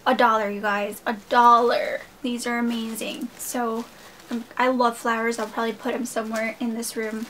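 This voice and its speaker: A woman's voice: fairly high pitch, flat delivery, normal speed, a bit bright, a little hiss or hum, rough recording. A young woman chatting casually in a haul vlog, gushing and enthusiastic as she talks to her viewers. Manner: gushing, enthusiastic, addresses viewers as "you guys". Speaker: haul vlogger.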